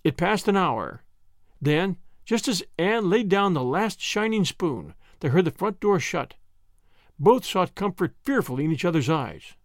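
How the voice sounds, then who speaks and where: A man's voice: sits high, big pitch swings, a little slow, no room sound, studio quality. A man narrating a classic story and hosting a podcast, reading expressively. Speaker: audiobook narrator and podcast host.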